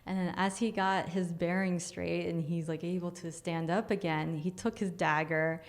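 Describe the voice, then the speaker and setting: A woman's voice: lowish voice, fairly even intonation, normal speed. A woman guest, an energy healer, telling a story casually, acting out scenes and laughing often.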